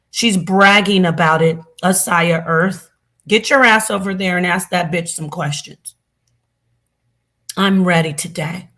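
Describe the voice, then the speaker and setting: A woman host delivers a heated, profanity-laced rant to her online audience. Her voice is mid-pitched and cutting as she calls out critics. It sounds like a home livestream. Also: fairly bright tone. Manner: angry, cursing, ranting. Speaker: channel host. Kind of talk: heated reaction commentary.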